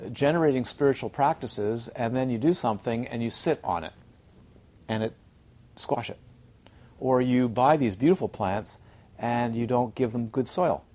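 Guy giving a dharma talk at a retreat, mid pitch, keeps asking "right?", chatty storyteller. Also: darkish tone. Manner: conversational, checks in with listeners, tells funny anecdotes. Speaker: Buddhist teacher. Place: retreat centre.

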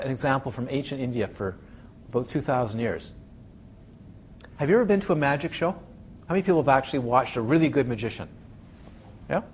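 A man's voice: mid-range voice, a little hiss or hum. A man teaching a Buddhist class to a room of students, asking them many questions and acting out little quotes. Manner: animated, asks the audience many questions, acts out quotes. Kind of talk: dharma talk to a class.

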